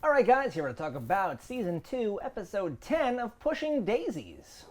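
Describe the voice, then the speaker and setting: Lively American co-host telling stories. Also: normal speed, soft background music. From United States. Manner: animated storyteller, lively swings in pitch. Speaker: podcast co-host. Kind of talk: casual chat.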